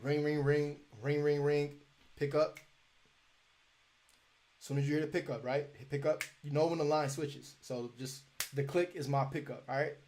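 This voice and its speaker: A man's voice: fairly high pitch, moderate pace, darkish tone, slight background noise. A young man teaching a live cold calling lesson in a casual, repetitive way, acting out sample phone calls.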